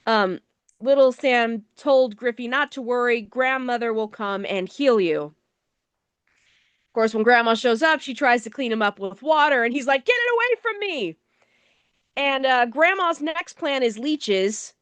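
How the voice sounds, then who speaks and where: A woman's voice: a little high, measured pace, a bit bright, smooth, no echo. A woman co-hosting a movie review show, recapping the plot in a casual, wry, sarcastic way. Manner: sarcastic, wry, swears offhandedly.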